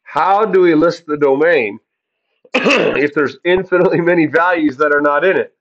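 A man's voice: on the high side, normal speed, fairly bright tone, dull audio. A man teaching a math class in an upbeat, jokey way, asking the class questions as he works through the graphs. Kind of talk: classroom lesson.

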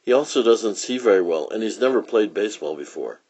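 A man's voice: lowish voice, lively intonation, a little fast, a little mellow, slightly rough, voice pushed up. A man voicing a serious young boy from a comic strip, in a matter-of-fact way. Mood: dry.

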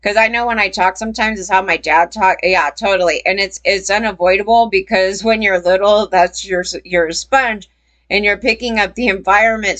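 Woman chatting casually, rambling, mid-pitch voice, swears in the quotes. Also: steady tone, brisk, a bit bright. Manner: rambling, with heated acted quotes. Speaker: commentator reacting to a story. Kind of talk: casual commentary.

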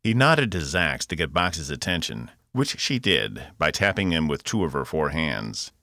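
Brief: deep, gravelly male narrator; highly expressive, dry close read. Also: normal speed, few pauses, dry recording. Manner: expressive, voices all characters. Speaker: audiobook narrator and author. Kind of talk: scripted narration.

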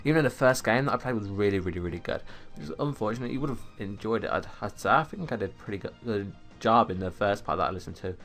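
A man's voice: fairly low pitch, fast talker, a bit bright, faint music behind. A teenage boy, rambling through casual stories while commenting on an online game at home on a desktop USB mic. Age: teens. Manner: rambling, chatty storytelling. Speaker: gaming YouTuber. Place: home room. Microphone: USB desktop microphone.

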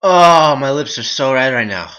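A man's voice: slow pace, sharp tone. A young man vlogging a hot sauce challenge, swearing, groaning and laughing while in pain and teary. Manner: muttering low asides. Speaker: YouTuber. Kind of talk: casual vlog.

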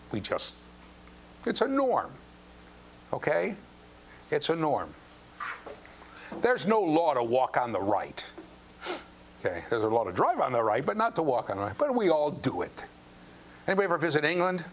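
A man's voice: a little high, moderate pace, pauses often. An older man lecturing a university class, telling stories and acting out the quotes, often checking in with the students. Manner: animated storyteller, acts out quotes, asks the class questions. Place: lecture hall. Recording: faint background noise and hum.

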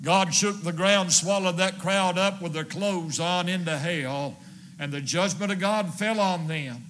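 A man's voice: sits high, unhurried, fairly bright tone, a little hiss or hum. A male evangelist preaching a fervent sermon, hammering his points home with repetition.

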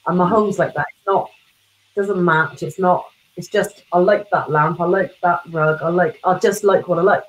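A woman with a somewhat low voice hosts a casual live interview over a video call. She reads out viewer questions and rambles in a relaxed way. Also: moderate pace, low-quality recording. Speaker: host.

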